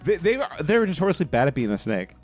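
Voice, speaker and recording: A man's voice: fairly high pitch, very animated, quick pace, faint music behind. A drunk man co-hosting a podcast, retelling a story in a rambling, laughing way. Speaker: podcast co-host. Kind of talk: casual chat.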